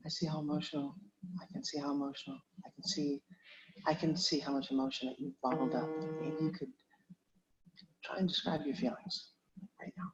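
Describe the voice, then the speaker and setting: A man rehearsing script lines aloud, repeating each line in a gentle counseling tone. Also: on the high side, fairly even intonation, a little fast, long pauses. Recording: dull lo-fi recording, faint background noise.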